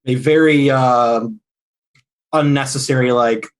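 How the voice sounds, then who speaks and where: A man playing in a tabletop role-playing game, brisk and playful. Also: mid-range voice, steady tone. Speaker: player.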